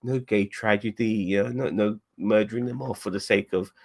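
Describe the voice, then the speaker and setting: A man's voice: on the low side, steady tone, darkish tone. A man co-hosting a live review, talking emotionally and stumbling over restarts. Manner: emotional, halting with many restarts. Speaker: podcast co-host.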